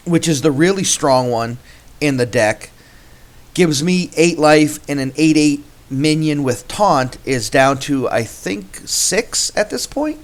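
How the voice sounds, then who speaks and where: A man hosting a gameplay video, casually commentating his card game and thinking aloud with frequent restarts. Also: on the high side.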